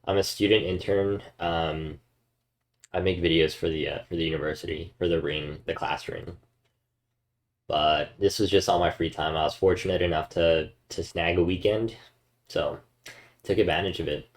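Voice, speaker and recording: Relaxed young male streamer with a low voice, chatting loosely with viewers. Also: normal speed. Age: young adult. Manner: laid-back, many fillers. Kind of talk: casual chat with viewers.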